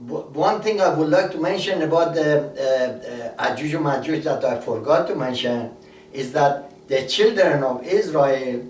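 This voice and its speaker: A man's voice: fairly high pitch, a little slow, darkish tone, slight background noise. Preacher man in an echoey room. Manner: storytelling, repeats key words for emphasis. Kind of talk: sermon. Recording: echoey room, voice a bit far from mic, faint ambience.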